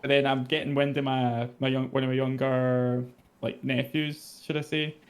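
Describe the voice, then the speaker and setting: A man with a Scottish accent talks in a loose, easygoing way, sentences trailing off as he laughs. His voice sits at an ordinary middle pitch, nothing strained about it. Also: level tone, normal speed. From Scotland. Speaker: podcast co-host. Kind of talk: casual chat.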